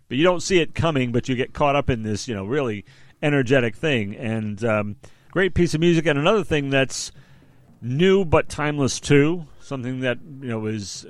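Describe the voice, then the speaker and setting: A man's voice: mid-range voice, no echo. An older man co-hosting a radio music show, chatting casually in a rambling, jokey, self-deprecating way. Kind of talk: casual on-air music chat.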